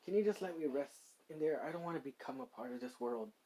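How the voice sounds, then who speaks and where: A gentle young woman who speaks softly and thanks those around her, her lines coming out halting and full of restarts. A man reads her in a near-ordinary voice. The delivery sounds like a casual spoken fan story. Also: a little high, husky, poor audio. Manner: halting, with filler words and restarts.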